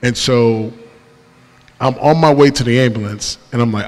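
A man's voice: medium pitch, moderate pace. Young male guest speaker at a church, mid-range voice, casual slangy storyteller, long hall reverb. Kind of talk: testimony talk from the pulpit. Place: large church sanctuary.

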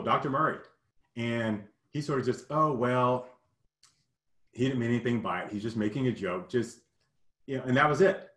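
A man's voice: fairly low pitch, fairly bright tone, reverberant. Earnest man telling a personal story. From Kentucky, US South. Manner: earnest, halting, many "you know" fillers.

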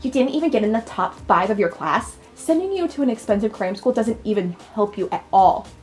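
A woman's voice: mid-range voice, expressive, a little fast, soft background music, lightly acted. Woman as a cold, demanding mother, stern scolding delivery, game reading. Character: strict, cold middle-aged mother.

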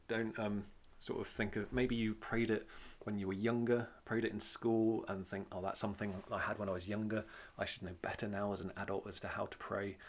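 In a lowish voice, a Welsh man delivers informal sermon teaching about prayer. His manner is plain-spoken and conversational, with plenty of fillers and phrases repeated for emphasis.

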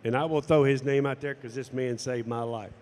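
A man's voice: medium pitch, fairly even intonation, brisk, darkish tone, long reverb tail. A man telling a personal story to camera, acting out the dialogue as he goes. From United States. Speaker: golf instructor and former tour pro.

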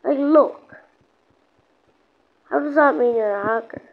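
With a high-pitched voice and an unhurried pace, a female gamer who hosts a channel rambles casually over her play, repeating herself and blurting out exclamations. The recording is lo-fi and dull, with faint noise.

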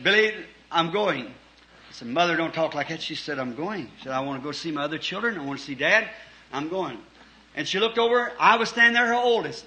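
A man preaching a fervent sermon, swinging from shouted points to quiet storytelling. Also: sits high. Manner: fervent, rising to shouts, then dropping soft for stories.

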